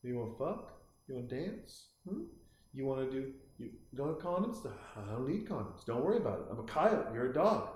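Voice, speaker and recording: A man's voice: mid-range voice, big pitch swings, a little fast, darkish tone, close to an everyday voice. Crude, sweet-talking male coyote played by a man in a very echoey room. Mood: coaxing. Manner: casual, crude, coaxing. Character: flirty male coyote luring a dog.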